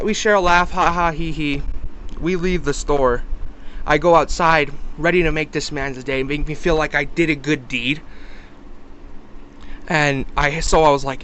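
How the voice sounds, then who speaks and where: A young man casually telling a personal story on a vlog, animated and swearing, acting out the other people's lines loudly. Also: a little high, slight background noise, rough recording.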